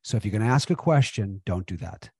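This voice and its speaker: A man who works as a speaker and trainer, a guest on a podcast, talking in an animated, emphatic way and repeating phrases for stress. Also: on the low side, quick pace, slightly rough, no room sound, clean studio sound. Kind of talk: conversational interview.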